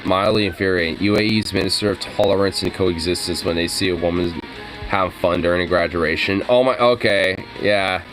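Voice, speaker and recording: A man's voice: low voice, fairly quick, a bit bright, soft background music. A young man giving casual reaction commentary, ranting with heavy profanity and frequent laughter.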